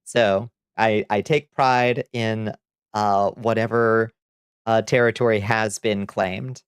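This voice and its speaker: Chatty streamer with a smooth, dry voice. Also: male voice, on the low side, steady tone, slow pace, no echo. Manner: chatty, laughs often, reads out chat. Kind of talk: casual livestream chat.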